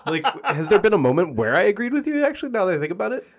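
A man's voice: high voice, very fast, a crowd in the background. A young man co-hosting a podcast, chatting casually about games and laughing often. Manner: laughs often, loose and animated. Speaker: podcast co-host. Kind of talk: casual gaming chat.

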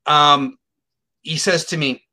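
A man's voice: a little high, slow. Emphatic middle-aged man telling a story. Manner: animated, emphatic, acts out quotes. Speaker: guest psychic telling a case story. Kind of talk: casual storytelling interview.

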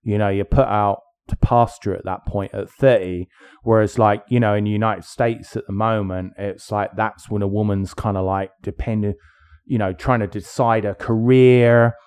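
A man's voice: fairly low pitch, steady tone, moderate pace, a little mellow, smooth. A middle-aged man co-hosting a podcast, talking in an opinionated, rambling way with many fillers. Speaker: podcast co-host. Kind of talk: casual chat.

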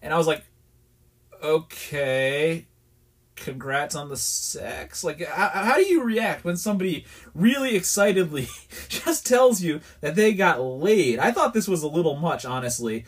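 A man's voice: high-pitched, very animated, moderate pace, husky. A man from New York, hosting a podcast and telling a rambling, exasperated story in a candid, casual way. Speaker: podcast host.

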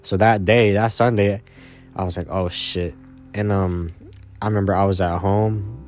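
Young guy with a real low voice, rambly and sweary, faint music behind. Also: steady tone, normal speed. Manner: rambling, repeats himself, swears, trails off quietly. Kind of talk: casual personal storytelling.

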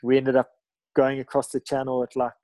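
A man's voice: mid-range voice, completely flat delivery, fairly quick, dark tone, no echo, rough recording. A middle-aged man telling a story in a rambling way, full of fillers and restarts. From South Africa. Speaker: guest, ocean ski paddler. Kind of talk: casual storytelling.

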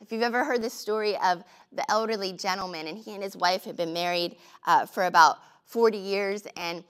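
A woman with a bright, clear tone leads a relaxed devotional talk. She speaks casually, with plenty of fillers, and weaves in humorous personal stories. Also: mid-range voice, fairly quick. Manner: chatty, storytelling with humor. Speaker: devotional teacher. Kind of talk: conversational devotional teaching.

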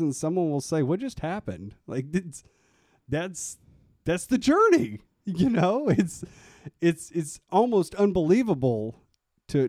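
A man's voice: a little high, dark tone, no echo. Earnest man with a dry, close sound. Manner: earnest storytelling with frequent restarts and laughs. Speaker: podcast co-host. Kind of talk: casual chat.

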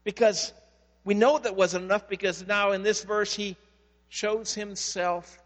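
A man preaching as pastor, telling stories and swinging from loud emphasis to hushed, quiet passages. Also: high voice, fairly even intonation, moderate pace, long reverb tail. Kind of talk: sermon.

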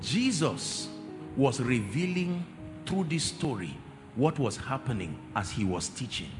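Male preacher, lively pitch, emphatic and drawn out, long hall reverb, faint music underneath. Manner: emphatic, drawn-out repetitions, asks the congregation questions. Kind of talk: sermon.

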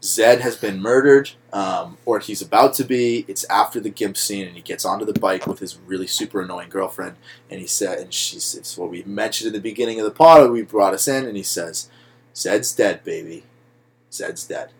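A young man co-hosting a podcast, talking casually and excitedly about a movie, with lots of fillers, swearing and laughs. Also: on the low side, brisk, slightly rough. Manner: animated, swearing, many likes and laughs. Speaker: podcast co-host.

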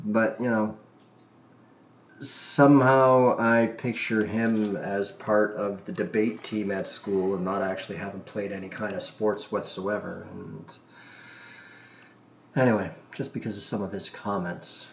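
A man's voice: fairly low pitch, steady tone, unhurried. Man, from Canada, podcast host, rambling crude stories, lots of fillers, echoey room, muffled dull sound. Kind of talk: casual podcast chat.

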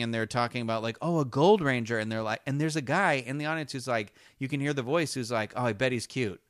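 A man co-hosting a casual fan podcast, talking in halting, rambling sentences full of restarts and fillers. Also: mid-range voice, a bit bright, smooth, dry recording, studio quality. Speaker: podcast co-host.

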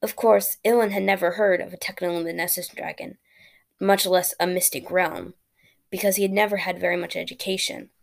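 A woman reading a fairy tale aloud as a storyteller, plain and steady, with small slips and restarts. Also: fairly low pitch, a little fast, gravelly.

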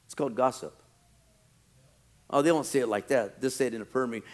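A male pastor preaching a sermon, animated, often acting out quoted churchgoers. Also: mid-range voice, fast.

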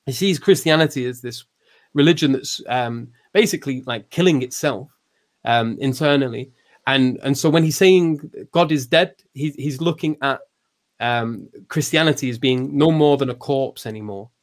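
Talking at a moderate pace and medium pitch, the man hesitantly explains his ideas in a casual chat. Fillers and restarts are everywhere, and he raises his voice to act out what people said.

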